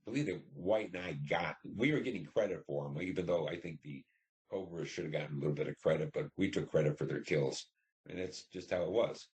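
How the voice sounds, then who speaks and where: A veteran in his seventies recounts his war service for an oral history, speaking in a low, darkish voice at a slightly fast pace. His telling is rambling, blunt, and profane, full of restarts.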